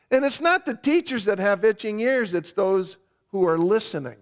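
A man preaching a sermon on a microphone, emphatic and repetitive, with bursts of loud stress. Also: high-pitched, expressive, moderate pace. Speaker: pastor. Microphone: microphone on a sound system.

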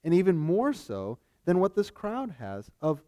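Male preacher, high lively voice, mellow tone, conversational sermon. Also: unhurried. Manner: conversational, frequent "right?" asides.

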